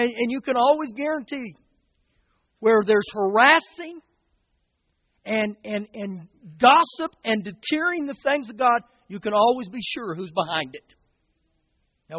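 A man's voice: very high-pitched, no room sound, in a large hall, lo-fi sound. A man preaching a sermon as pastor, talking to the congregation in a conversational way and often checking in with "okay?" and "guys".

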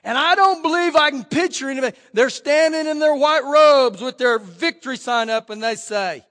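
A man pastor preaching a fervent sermon, swinging from shouts to hushed asides. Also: very high-pitched, normal speed, hardly any pauses. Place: church sanctuary.

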